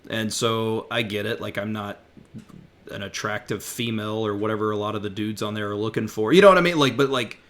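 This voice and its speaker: A man's voice: fairly low pitch, a little fast, a bit bright. Laid-back, chatty male podcast host. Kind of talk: casual podcast conversation.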